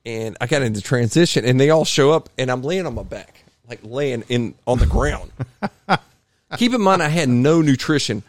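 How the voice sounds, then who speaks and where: A man telling a long story on a podcast in a casual, animated way, acting out other people's voices. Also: mid-range voice, moderate pace, no room sound. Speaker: podcast guest.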